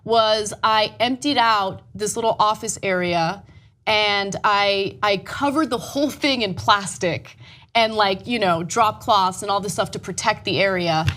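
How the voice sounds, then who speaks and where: A woman co-hosting a talk show, telling a story in casual, animated chat and swearing freely. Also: mid-range voice, measured pace. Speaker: show co-host.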